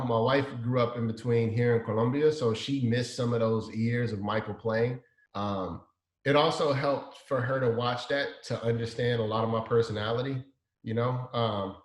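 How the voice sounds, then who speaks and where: A man from Chicago's South Side, a designer telling a story in an interview, animatedly acting out the dialogue he quotes. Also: mid-range voice. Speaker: guest, designer. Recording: echoey room.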